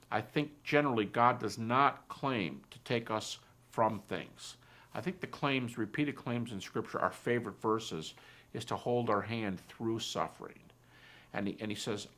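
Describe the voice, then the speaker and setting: A man, a Christian philosopher, giving a personal testimony talk in a reflective, soft-spoken way, retelling conversations as dialogue. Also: medium pitch, moderate pace.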